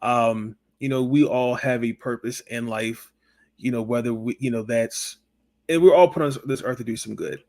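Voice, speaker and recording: A man hosting a sports talk podcast, chatting over a video call. He talks hesitantly, repeating words and filling pauses with fillers. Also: medium pitch, a little mellow. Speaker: podcast host. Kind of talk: casual interview chat.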